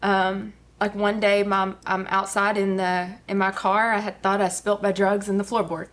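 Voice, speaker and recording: A woman's voice: medium pitch, flat delivery, normal speed, a bit bright. Woman telling her story earnestly. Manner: earnest storytelling with many fillers. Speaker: guest. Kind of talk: personal testimony on a talk show.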